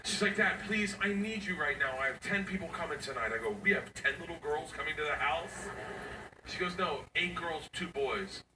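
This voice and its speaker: A man in his forties doing stand-up comedy, his voice pitched high and swinging widely as he acts out characters and hoots like an owl. He is picked up from a distance in an echoey venue, with clear crowd noise behind him. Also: animated, moderate pace. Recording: echoey room recorded from far off, audience noise.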